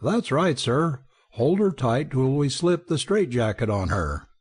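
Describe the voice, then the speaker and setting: A man's voice: medium pitch, sing-song, unhurried, breathy edge. A man voicing a blunt, stubborn asylum attendant. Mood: insistent. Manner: curt, insistent.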